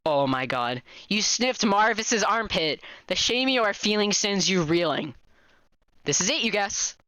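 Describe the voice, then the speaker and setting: Loud, swearing let's play streamer. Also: mid-range voice, unhurried, dry recording. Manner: loud, excitable, swears often, breaks into laughter. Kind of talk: let's play, reading a visual novel aloud.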